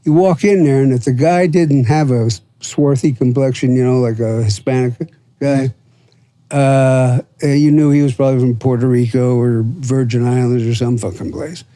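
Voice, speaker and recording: A man's voice: mid-range voice, fairly even intonation, normal speed, dark tone. A man in his seventies from Florida, telling long profane stories with lots of fillers as a podcast guest. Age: 70s. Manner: rambling, profane, full of fillers and acted quotes. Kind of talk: casual storytelling.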